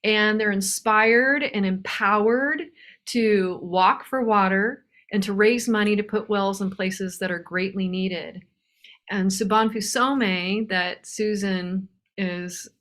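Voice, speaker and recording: A woman hosting, introducing a guest with gushing praise, quick bursts with fillers. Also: on the low side, fairly bright tone. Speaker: host.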